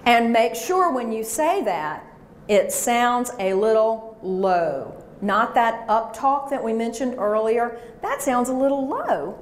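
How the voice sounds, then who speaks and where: A woman's voice: fairly high pitch, animated, slow. Woman workshop coach, emphatic, drills phrases, roomy echo, faint background noise. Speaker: career workshop speaker. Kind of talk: live workshop presentation.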